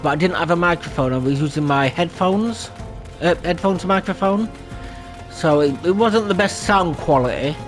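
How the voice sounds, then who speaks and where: A man chatting casually over gameplay as a channel host, self-deprecating and prone to laughing at himself. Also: on the high side. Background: faint game music.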